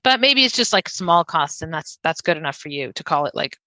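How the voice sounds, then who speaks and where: Female philosopher co-host, bright voice, dry close sound, probing questions, filler-heavy. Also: low voice, animated, a little fast, dry recording. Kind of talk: casual intellectual conversation.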